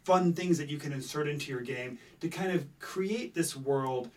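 A man with a fairly high voice, sitting a little back from the mic, chatting on a podcast about tabletop games. He rambles and restarts his sentences, then speeds up and gets animated when he lands a point. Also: normal speed, far from the mic. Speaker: podcast co-host.

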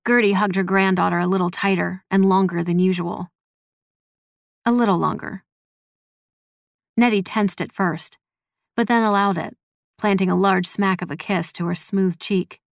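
Dry, measured woman narrator. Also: medium pitch, gravelly, no echo. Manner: measured, expressive storytelling. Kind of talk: scripted audio drama narration.

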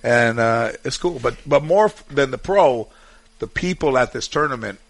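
A man with a gravelly, fry-laden voice spins long, rambling anecdotes, circling back and restarting his sentences. He talks in a relaxed, casual way as a guest on a chat show. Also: mid-range voice, normal speed.

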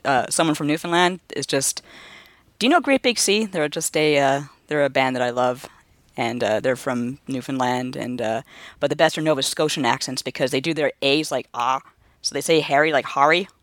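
A woman's voice: extremely low pitch, brisk, no echo. Chatty Canadian woman co-hosting a podcast. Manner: chatty, laughs easily. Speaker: podcast co-host. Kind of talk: casual podcast chat.

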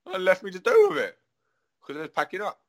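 A man's voice: high-pitched, huge pitch swings, fast. A young adult man, ranting in a casual, profane way while he tells a long story full of restarts and asides. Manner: profane, rambling, with many restarts. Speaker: adult performer.

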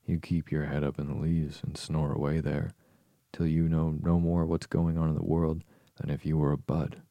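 A man's voice: extremely low pitch, level tone, normal speed, dark tone, dry recording. A man voicing a proud, bossy talking tiger lily that scolds the other flowers. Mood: haughty. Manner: haughty and scolding.

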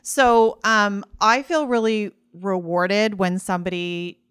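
Chatty Valley Girl woman, smooth voice. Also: medium pitch, fairly even intonation, slow, fairly bright tone, no room sound, studio quality. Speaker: podcast co-host and beauty editor. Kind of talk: casual conversation.

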